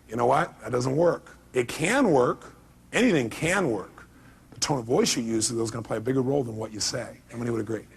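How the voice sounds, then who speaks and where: Husky-voiced emphatic motivational speaker man. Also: medium pitch, a bit bright. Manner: emphatic, fires rhetorical questions at the crowd. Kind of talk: live seminar talk to an audience.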